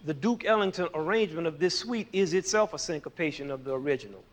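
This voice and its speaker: A man's voice: on the high side, expressive, fast. A man teaching music in a playful, jokey way, teasing his listeners and counting beats aloud. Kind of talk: playful explanatory lesson.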